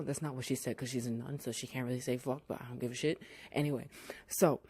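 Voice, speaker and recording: A podcast reviewer recapping a TV episode in a casual, profane way, with sarcastic asides and lively put-on voices for the characters. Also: mid-range voice, breathy edge. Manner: blunt, sarcastic asides, heavy swearing; drawn-out, animated voices when quoting characters.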